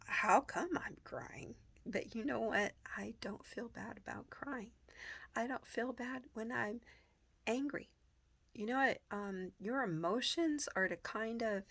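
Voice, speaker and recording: Slow, rambling woman vlogger. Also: medium pitch, creaky. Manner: rambling, many ums, soft whispered asides. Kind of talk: casual talk to camera.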